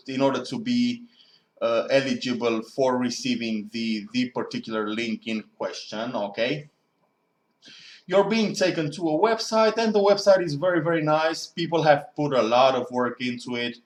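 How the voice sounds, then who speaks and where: A man talking in a casual, rambling monologue as a student, musing and often correcting himself. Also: fairly high pitch. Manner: musing, digressive, self-correcting. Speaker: student vlogger. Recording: echoey room.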